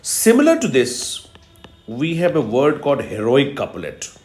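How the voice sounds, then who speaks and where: Male lecturer, slow and lively in pitch, echoey room. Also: faint music behind. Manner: slow, emphatic teaching with repetitions and fillers. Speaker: English literature lecturer. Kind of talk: recorded video lecture.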